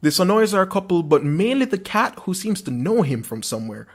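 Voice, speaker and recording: A man's voice: sits high, sing-song, brisk. A young man hosting a podcast, retelling a dream with wry, self-mocking asides and theatrical flourishes. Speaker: podcast host.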